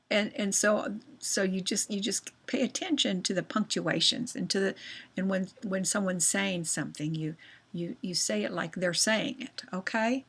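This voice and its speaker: Husky, lively-voiced woman teacher. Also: medium pitch. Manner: patient, explains simply, checks in with "okay?". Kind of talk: classroom reading lesson for children.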